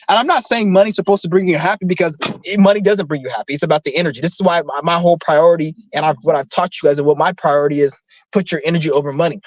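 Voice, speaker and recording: Talking straight to camera, a man pushing breatharianism goes on a loose, forceful, heavily profane rant that wanders. The sound is dry, dull and lo-fi, and his pitch sits fairly high.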